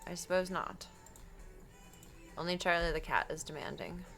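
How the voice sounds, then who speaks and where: A woman's voice: lowish voice, steady tone, normal speed, fairly bright tone, faint music behind. A young woman live-streaming, chatting casually with a giggly, rambling, self-deprecating manner.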